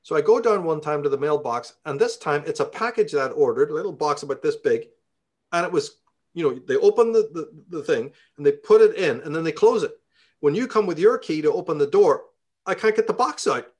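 A man's voice: on the high side, expressive, brisk, darkish tone. Fiery Belfast-accented man, swearing. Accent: Northern Irish (Belfast). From Belfast, Northern Ireland. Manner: profane, heated ranting. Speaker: interviewee. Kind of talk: casual storytelling.

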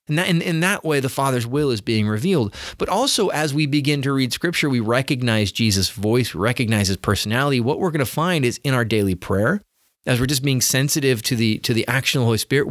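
A man's voice: medium pitch, dry recording, clean studio sound. A middle-aged man giving an earnest sermon-style teaching, often repeating words as he starts phrases. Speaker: teacher of faith.

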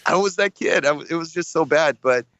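A man's voice: on the high side, brisk, a bit bright, no room sound. Russian-accented man on a dull line. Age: 30s. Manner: eager, rambling with frequent restarts. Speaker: guest. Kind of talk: casual interview. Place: airport, background noise.

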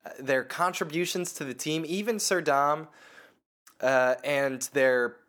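Male podcast co-host, slightly high voice, profane and jokey. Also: a little slow, a bit bright. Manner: profane, laughing, emphatic. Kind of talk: casual comedic chat.

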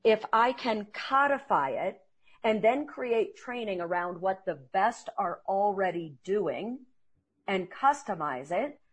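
A woman who trains salespeople, speaking as an interview guest and telling earnest, animated stories. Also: mid-range voice, takes it slowly, breathy edge.

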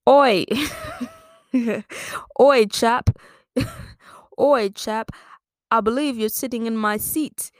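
A woman's voice: fairly high pitch, very slow, long pauses, dry recording, studio quality, voice pushed up. A woman putting on a bad British accent to voice a rowdy Englishman in a pub who wants his seat back. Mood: indignant. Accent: mock British, admittedly poor.

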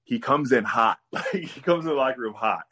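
A man's voice: mid-range voice, expressive, a little fast, bright, forceful tone, slightly rough. A man telling a story on a casual podcast, laughing as he goes. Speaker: guest wrestler.

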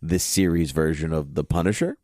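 A man with a very low, deep voice co-hosting a podcast in a loose, casual chat. He rambles through his thoughts and fills his sentences with "you know". The sound is dry and close, with no room echo. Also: brisk, darkish tone. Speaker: podcast co-host.

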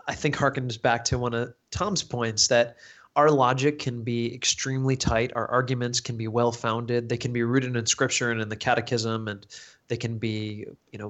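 A man's voice: medium pitch, a bit bright, dull audio. An American man co-hosting a podcast, explaining his views in an earnest, thoughtful way with frequent restarts. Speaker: podcast co-host, teacher. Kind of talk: casual podcast discussion.

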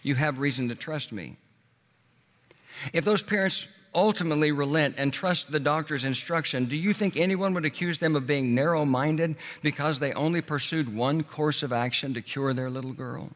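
A man preaching a sermon in an earnest way, slowing down and dropping his voice on key words. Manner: earnest, slows and drops low on key words. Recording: long hall reverb.

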